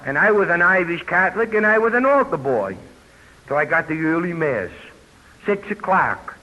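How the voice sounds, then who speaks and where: A man's voice: high voice, expressive, normal speed, sharp tone. An older man, speaking at a recovery convention and telling his story in a plainspoken way with folksy asides. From New York. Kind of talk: personal testimony talk. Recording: muffled old tape with hiss.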